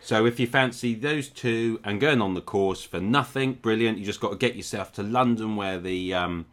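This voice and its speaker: A man's voice: lowish voice, moderate pace. A man co-hosting a screenwriting podcast in a dry, joking, easygoing chat. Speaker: podcast co-host. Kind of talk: casual chat.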